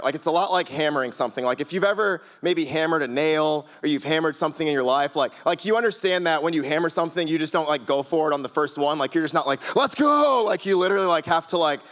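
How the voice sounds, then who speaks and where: A young man with a fairly high voice, preaching to a youth group. He talks casually and loosely, piling up repeated phrases and fillers as he builds his points. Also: fairly bright tone. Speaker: youth pastor. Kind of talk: sermon.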